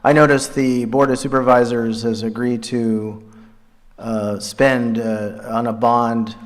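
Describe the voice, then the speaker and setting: A man chairing a town meeting, speaking informally with many pauses and fillers. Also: mid-range voice, flat delivery. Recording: reverberant hall.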